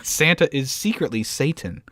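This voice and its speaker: A man's voice: on the high side, expressive, normal speed, heavy background noise. A man hosting a podcast in casual chat, playing a teasing quiz-master. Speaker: podcast host.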